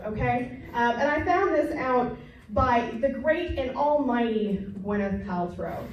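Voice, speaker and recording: A young woman comedian works the crowd with brash, crude, self-mocking jokes in a slightly high voice. She sounds distant from the mic, and the room rings with heavy echo over faint background noise. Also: a little slow, dull audio. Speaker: stand-up comedian. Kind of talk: stand-up comedy set.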